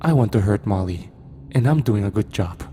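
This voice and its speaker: A man voicing a cold, calm demon that speaks through a possessed girl, menacing and intelligent, in a horror story reading. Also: on the low side, normal speed, a little hiss or hum, close to an everyday voice. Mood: mocking cruelty.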